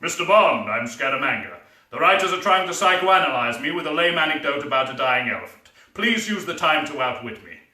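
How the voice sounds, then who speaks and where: A cool, deadpan assassin, played by a man, with a bright, lively voice. It echoes in a roomy space from off the mic. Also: on the high side, a little fast. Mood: menacing. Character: smooth sinister male assassin. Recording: roomy theatre, from a distance.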